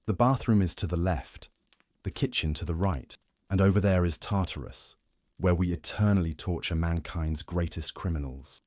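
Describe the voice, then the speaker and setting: A man's voice: low voice, normal speed, a little mellow, no echo, clean studio sound, natural voice. A man voicing an awkward male god of the dead who chats like a salesman giving a home tour.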